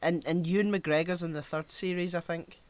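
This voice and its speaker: A man's voice: fairly high pitch, fairly even intonation, normal speed. A man co-hosting a podcast, talking casually and steering the film discussion as he recounts scenes. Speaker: podcast co-host.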